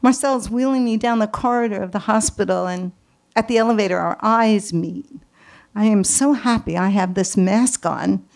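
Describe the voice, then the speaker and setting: A woman from Brooklyn with a New York accent, telling a personal story on stage with dramatic pauses and repetitions. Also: medium pitch, gravelly, a little mellow.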